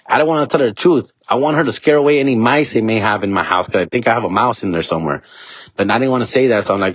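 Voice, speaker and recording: A man's voice: lowish voice, very fast, no room sound, clean studio sound. A man, a comedian and podcast host telling stories in a casual, profane, slang-heavy way, dropping Spanish words and ending lines with "dog" and "fool". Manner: drops Spanish words and phrases.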